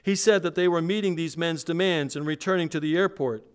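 A man's voice: fairly high pitch, fairly quick, smooth, pitched above the performer's own voice, natural voice. A man preacher reading aloud the words of a frightened male airline passenger on an emergency call, in an urgent, pressed way. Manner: urgent, pressed, raised read-aloud delivery.

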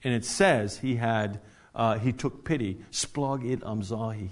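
A man's voice: medium pitch, lively intonation, a little slow. A man preaching a sermon in a conversational way, with frequent restarts and direct questions to the congregation, growing emphatic at key points. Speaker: pastor.

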